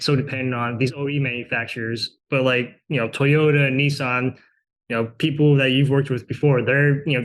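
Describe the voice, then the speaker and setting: A man's voice: medium pitch, slight background noise, poor audio. A man hosting a car podcast, casual and loose, leaning on "you know" fillers. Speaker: podcast host. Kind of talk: casual interview chat.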